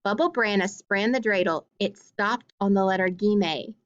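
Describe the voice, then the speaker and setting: At normal speed and a mid-level pitch, a woman storyteller reads from a children's picture book, occasionally breaking off to give plain explanations for young children. The audio sounds somewhat dull and lo-fi.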